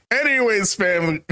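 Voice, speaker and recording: A man's voice: high voice, vocal fry, bright, forceful tone. A man hosting a casual commentary monologue, emphatic and repetitive, calling his viewers family and laughing often. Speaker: channel host.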